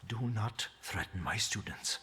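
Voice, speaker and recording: Soft, placating teacher, music behind. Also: male voice, low-pitched, unhurried, full character voice. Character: calm older male teacher.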